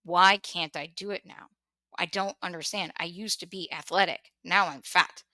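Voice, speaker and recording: A woman's voice: on the low side, fairly even intonation, normal speed, bright, forceful tone, no room sound. A woman hosting a podcast, talking candidly and emotionally about her own life, repeating words and laughing wryly. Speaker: podcast host. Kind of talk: candid personal conversation.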